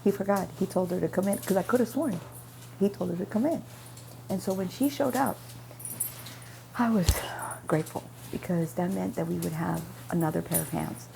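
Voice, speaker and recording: A woman's voice: fairly low pitch, moderate pace, creaky, noisy background. A woman vlogger telling a casual story about her day, rambling, backtracking and correcting herself mid-sentence. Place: at home with her dog nearby.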